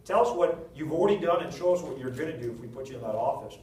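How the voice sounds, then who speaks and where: A man, a political candidate, answering at a town hall meeting, telling anecdotes with jokes in a lively storytelling manner. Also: on the high side, very fast, recorded from a distance, slight background noise. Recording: echoey hall recorded from afar.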